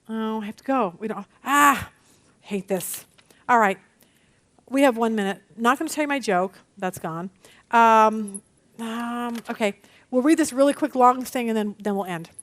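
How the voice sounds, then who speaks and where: A middle-aged woman teaching a women's Bible study, chatty and animated, telling stories against herself. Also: fairly high pitch. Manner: animated, chatty, self-deprecating storytelling.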